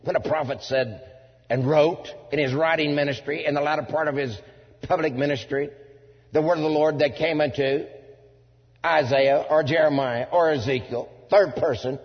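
Man preaching, husky and slightly high-pitched, big dynamic swings, dull lo-fi recording in a reverberant church. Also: steady tone, normal speed. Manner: swings from loud declaiming to low asides; folksy preaching turns of phrase. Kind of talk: sermon. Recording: dull lo-fi sound in a reverberant hall.

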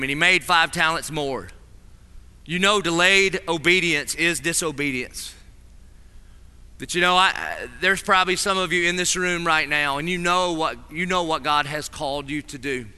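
A man preaching a sermon in a chapel, animated and acting out little scenes with different voices. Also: fairly high pitch. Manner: animated, acts out voices in stories. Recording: long reverb of a large hall.

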